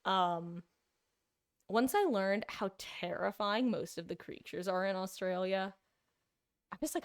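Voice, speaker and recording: A woman's voice: medium pitch, measured pace, pauses often, clean tone. A young woman from New Jersey, a live streamer chatting casually and rambling to her viewers while she plays a game. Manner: chatty, rambling, greets viewers mid-story.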